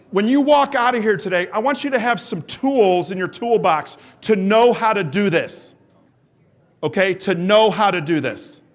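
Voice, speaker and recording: A man with a notably high voice, an exercise coach presenting at a symposium, leads a live workshop through an exercise drill. Enthusiastic and encouraging throughout, he coaxes and cheers the audience while calling out timed cues and countdowns.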